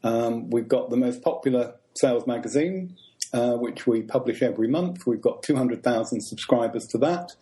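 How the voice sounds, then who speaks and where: Brief: man from the UK, interview guest, mellow dark tone, dry wit, relaxed. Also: mid-range voice, normal speed. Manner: dry humor, relaxed, hesitant ums. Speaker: podcast guest. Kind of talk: interview answers.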